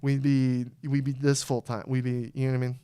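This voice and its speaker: A young man talking casually on a podcast, his voice smooth and resonant. He rambles with restarts and flares into loud, excited bursts, then drops to low, muttered asides. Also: a little fast. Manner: excitable, swings from low mumble to loud outbursts. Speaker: podcast co-host. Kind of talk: casual chat.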